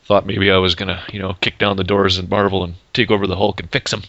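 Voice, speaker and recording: Deep, bright-voiced male podcast host. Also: little pitch movement, quick pace, no room sound, highs cut off. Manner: rambling, swears, laughs often. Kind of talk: casual chat.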